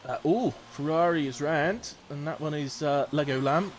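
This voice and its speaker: A man's voice: fairly high pitch, normal speed, a little hiss or hum. A man in his thirties with a Bristolian accent, chatting casually as he commentates a live online sim race and reads out lap times. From Southwest England. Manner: chatty, banters with chat between calling lap times.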